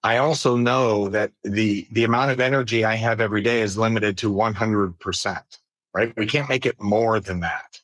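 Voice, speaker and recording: A man speaks as a podcast guest in an earnest, measured voice, slightly low in pitch. He thinks aloud with an occasional filler. The recording is close and dry. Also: a bit bright, no echo. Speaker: podcast guest, business executive. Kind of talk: reflective conversational interview.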